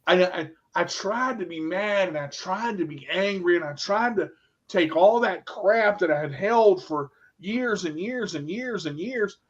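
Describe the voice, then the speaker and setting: A middle-aged man with a fairly high voice tells a personal story as a radio host. He is emotional and repeats himself, stopping and restarting his sentences. The recording sounds dull and lo-fi. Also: expressive, measured pace. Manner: emotional, repetitive, restarts often.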